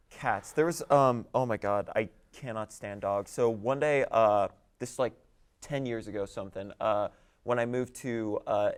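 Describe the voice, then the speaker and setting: A man's voice: fairly low pitch, clear, resonant tone. A young man telling casual stories with a hesitant, filler-heavy way of talking. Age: young adult. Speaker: student panelist. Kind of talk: casual storytelling.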